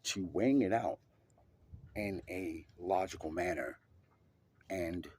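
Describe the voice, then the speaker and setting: A man telling a personal story in an emphatic, profane way, swinging between loud and hushed. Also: low-pitched, takes it slowly, breathy edge.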